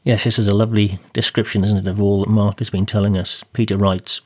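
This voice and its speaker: A man's voice: fairly low pitch, little pitch movement, quick pace, hardly any pauses. A man co-hosting a discussion about preaching, who reads scripture aloud and affirms points with frequent tag questions. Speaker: co-host asking about sermons. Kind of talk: conversational discussion and scripture reading.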